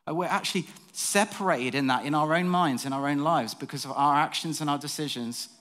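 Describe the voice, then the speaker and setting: A man's voice: on the high side, a little fast, fairly bright tone. A man, preaching in a church and telling a story in a chatty, self-mocking way. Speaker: pastor. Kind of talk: sermon storytelling.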